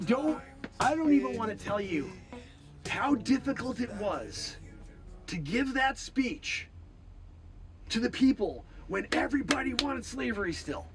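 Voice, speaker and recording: Hoarse guy doing improv comedy, high voice jumping all over, fake outrage then mumbling. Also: lively intonation, moderate pace, soft background music. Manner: mock-outraged, swings between shouting rants and muttering. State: hoarse, losing his voice. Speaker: comedy streamer host.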